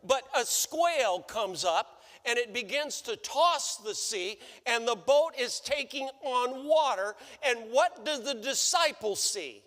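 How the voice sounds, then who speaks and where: Male pastor, very high bright voice, unhurried sermon delivery, long church reverb. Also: animated. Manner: preaching with repeated rhetorical questions. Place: church sanctuary.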